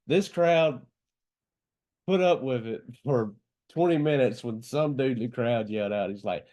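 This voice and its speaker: A man's voice: mid-range voice, unhurried, dark tone. Joking man with a mid-range voice. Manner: joking storyteller, laughs through his stories. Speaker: podcast co-host. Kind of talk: casual porch chat.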